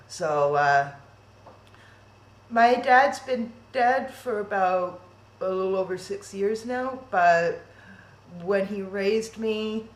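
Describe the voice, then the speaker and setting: Slow, chatty woman hosting a stream. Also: on the low side, roomy sound, slight background noise, low-quality recording. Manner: rambling, chatty and self-deprecating. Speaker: event host. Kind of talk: live-stream event hosting. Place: home. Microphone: webcam stream.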